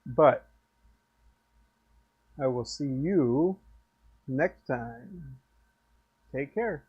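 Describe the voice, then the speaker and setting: A man's voice: medium pitch, animated, very slow, slightly rough, highs cut off. A man signing off his workshop live stream in a rambling, friendly way, tipsy and hiccuping. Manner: rambling, friendly, slurs thoughts. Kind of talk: casual live-stream sign-off chat.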